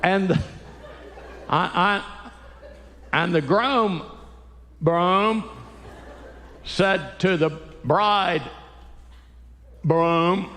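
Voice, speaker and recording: A man's voice: sits high, extremely slow, pauses often, sharp tone. A man telling folksy jokes and stories to a church audience in a chuckling, stop-start way. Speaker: Christian comedian and speaker. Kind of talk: live stand-up storytelling. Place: church sanctuary, live audience. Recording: echoey hall, live show.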